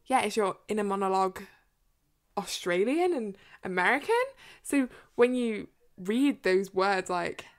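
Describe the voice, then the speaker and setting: A woman's voice: medium pitch, unhurried. Giggly English woman podcast co-host. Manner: animated, giggly, many "like" fillers. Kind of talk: casual chat.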